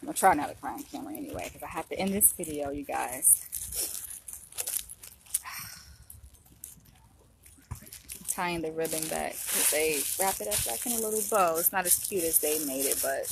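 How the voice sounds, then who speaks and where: A woman's voice: deep voice, animated, fast, creaky, background noise. A woman vlogging to her viewers, emotional and close to tears, speaking in a heartfelt way and often repeating herself. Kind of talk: emotional vlog to camera.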